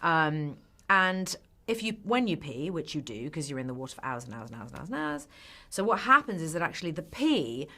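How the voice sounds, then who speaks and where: An actress chatting in a press interview, an animated storyteller who laughs often. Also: female voice, low-pitched. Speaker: actress guest. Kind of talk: casual press interview chat.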